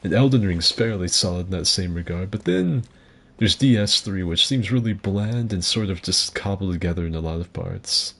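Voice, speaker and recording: A man's voice: deep voice, fairly quick, hardly any pauses, a bit bright. A man streaming a video game, chatting casually in a blunt, joking, profane way. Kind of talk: casual gameplay commentary.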